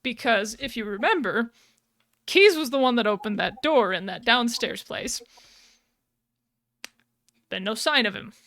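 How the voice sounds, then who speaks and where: A woman's voice: on the high side, animated, measured pace, pauses often, a bit bright, dry recording, studio quality. A woman hosting a podcast, recapping a video game story in a giggly, rambling way with many fillers. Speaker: podcast host.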